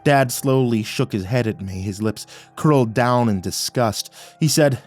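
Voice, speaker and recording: A man narrating a first-person horror story in a dramatic way, at times rising to near-shouts. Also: mid-range voice, unhurried, few pauses. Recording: faint music underneath.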